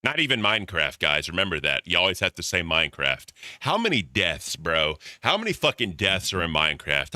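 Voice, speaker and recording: A man's voice: low-pitched, bright, forceful tone, no room sound, clean studio sound. A man giving mocking, profane reaction commentary, talking to his chat. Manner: addresses chat as bro. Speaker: streamer reacting to clips.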